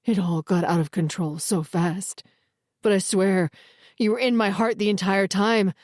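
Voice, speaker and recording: A man's voice: high voice, fairly even intonation, a little slow, darkish tone, no room sound, studio quality. A woman voicing a desperate male werewolf begging his brother's forgiveness in a shaky, pleading voice.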